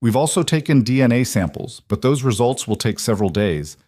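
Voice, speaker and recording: A man voicing a male coroner who speaks gently and matter-of-factly. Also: mid-range voice, expressive, fairly quick, no room sound, studio quality, lightly acted. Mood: somber.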